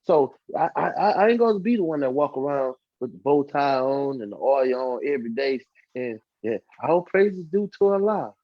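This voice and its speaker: A man's voice: medium pitch, lively intonation, moderate pace, few pauses, no room sound. A man telling his life story on a podcast, acting out the voices of the people in it. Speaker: podcast guest. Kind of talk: casual storytelling testimony. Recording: dull lo-fi dry sound.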